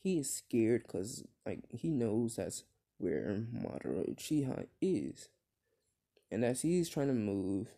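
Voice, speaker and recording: A man's voice: medium pitch, warm tone. A man casually retelling his own fan story, rambling with many fillers and restarts, and swearing when he slips.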